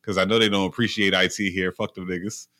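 A young man in casual chat, telling stories in an animated way with heavy slang and swearing. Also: low-pitched, quick pace, no room sound, studio quality. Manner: animated storytelling, profane slang.

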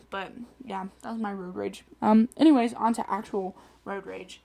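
Young female solo host, casual chatty storyteller, quick laughs, animated rants. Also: mid-range voice, gravelly. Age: young adult. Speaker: podcast host.

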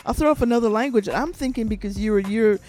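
A woman's voice: on the high side, quick pace, darkish tone. Laughing woman from the Bahamas. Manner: teasing, laughs often. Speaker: radio co-host. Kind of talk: casual on-air banter.

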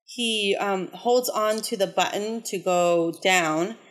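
A woman's voice: medium pitch, slow. A woman co-hosting a casual podcast, recapping a movie plot in a rambling way with many fillers.

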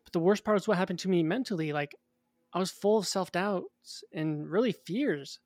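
A man's voice: sits high, moderate pace, dry recording. Man telling his story, dry close sound. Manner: casual, animated storyteller, acts out his own past voice. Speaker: interview guest. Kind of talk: storytelling in an interview.

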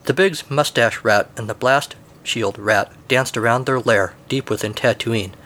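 A man's voice: medium pitch, unhurried, a bit bright. Dry-humored male podcast host. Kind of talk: comic story reading.

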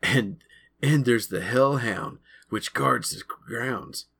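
A man voicing an excitable teenage boy who tells ghost stories like an eager showman. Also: mid-range voice, slow, creaky, breathy edge, heavily acted. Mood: excited.

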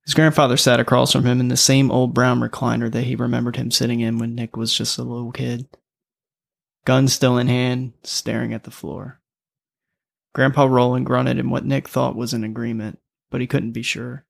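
Male audiobook narrator, mid pitch, gravelly, loose and profane. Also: level tone, normal speed. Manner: casual, profane storytelling.

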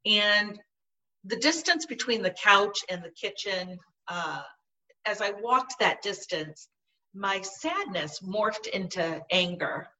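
A middle-aged woman recounts a personal experience in an earnest, halting way, circling back and restarting her phrases. Her tone is bright and sharp. She sits a little away from the microphone. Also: mid-range voice, lively intonation, far from the mic, rough recording. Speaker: guest. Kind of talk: personal storytelling in conversation.

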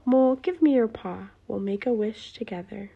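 A woman voicing a kind, hopeful little girl animal in a storybook, soft and breathy. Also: a little high, normal speed, dull audio. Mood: eager.

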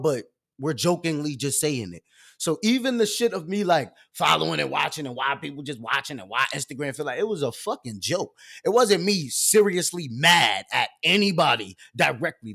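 Animated man ranting on a live stream. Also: on the high side, creaky. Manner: animated, loud and expressive; casual slangy talk with many fillers.

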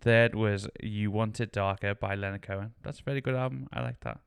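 A man co-hosting a podcast, chatting casually, his lines often trailing off quietly. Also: on the low side, fairly even intonation, fairly quick, creaky, clear, resonant tone, no room sound, studio quality. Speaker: podcast co-host. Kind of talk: casual chat.

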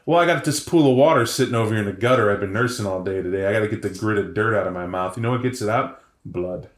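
A menacing stray Doberman, voiced by a man, taunts a lost kitten in a low, unhurried drawl. The voice sinks deep and soft, and the room gives it an echo. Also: natural voice.

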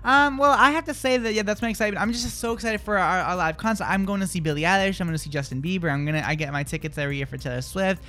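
A man co-hosting a live morning radio show, chatting in an animated, jokey and self-deprecating way. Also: high-pitched, very fast, hardly any pauses.

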